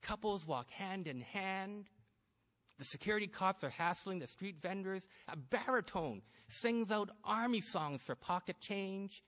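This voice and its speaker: A man's voice: high voice, animated, unhurried, a bit bright, big-room sound. Wry man reading a story aloud. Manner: wry, understated narration. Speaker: story reader. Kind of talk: first-person story reading.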